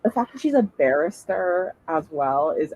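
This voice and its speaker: A man's voice: fairly high pitch, sing-song, normal speed, darkish tone, a little hiss or hum, low-quality recording. A man co-hosting a reality TV podcast, thinking aloud with lots of fillers and restarts. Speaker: podcast co-host. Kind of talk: casual chat.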